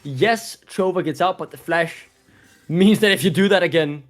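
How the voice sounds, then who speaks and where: Animated male esports caster, higher voice. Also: normal speed. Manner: animated, chatty, laughs easily. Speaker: esports commentator. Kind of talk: live esports commentary.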